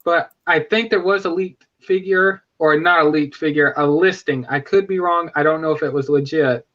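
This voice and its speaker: Bright high-voiced man chatting casually. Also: moderate pace, dull audio. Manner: rambling, self-correcting, enthusiastic. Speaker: live stream host. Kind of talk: casual fan chat.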